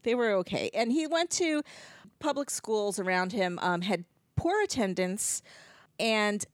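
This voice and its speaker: A woman hosting a casual podcast, chatting and telling stories in a lively way. She is from New Jersey. Her voice sits in a middle range and is recorded close and dry, with no room around it. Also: medium pitch, a little slow, no room sound. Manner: chatty, storytelling, laughs easily. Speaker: podcast host.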